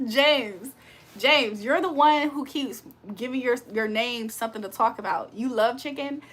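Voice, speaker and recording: A woman's voice: on the high side, a little slow, fairly bright tone. A woman hosting a casual live stream, reading viewer comments aloud and joking around with plenty of laughter and loose slang. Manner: playful, joking, laughs often; slangy, loose street-style talk. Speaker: livestream host.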